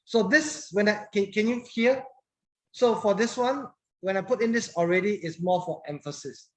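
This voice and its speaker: High-voiced man teaching English grammar. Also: normal speed. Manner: patient, repeats phrases, mixes in Mandarin words. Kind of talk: classroom grammar lesson.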